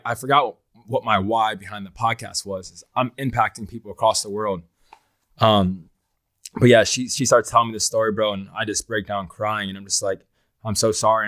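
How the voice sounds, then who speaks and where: A man's voice: lowish voice, a bit bright, no echo, clean studio sound. A young man co-hosting a podcast, telling a story in an earnest, emotional way, full of fillers and "bro". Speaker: podcast co-host. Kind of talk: casual podcast chat.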